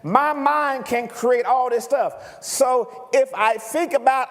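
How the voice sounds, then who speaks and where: A man preaching a sermon as pastor, animated and often checking in with the congregation. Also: extremely high pitch, slow pace, few pauses. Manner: animated preaching, asks the congregation if he makes sense. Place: church sanctuary. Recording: reverberant church hall.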